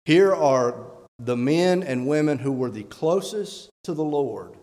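A man's voice: on the high side, animated, unhurried, a little mellow. A man, a church elder, preaching a sermon with emphatic rhetorical questions and reading scripture aloud. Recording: long hall reverb.

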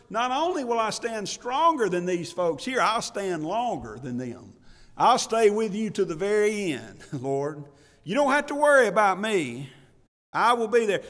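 A man pastor preaching a sermon in an animated way, with laughs and asides to the congregation. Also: sits high. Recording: long church reverb.

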